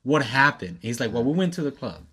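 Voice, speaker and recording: Brief: man, 20s, casual storyteller, laughs a lot, animated and profane, mid pitch. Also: a little fast, slightly rough. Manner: laughs often, animated when quoting, profane.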